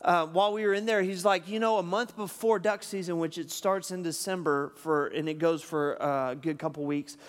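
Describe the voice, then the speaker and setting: Folksy preacher with a high voice. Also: male voice, fairly even intonation, normal speed, hardly any pauses, big-room sound. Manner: folksy, repeats "okay?" often. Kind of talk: sermon with illustration. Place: church hall.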